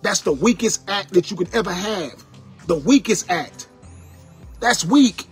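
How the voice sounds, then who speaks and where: A man's voice: high voice, animated, a little slow, soft background music. A man angrily lecturing his viewers, repeating his warnings like a sermon. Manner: angry, repetitive, sermon-like warnings. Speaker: internet personality ranting to viewers. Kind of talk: angry preachy monologue.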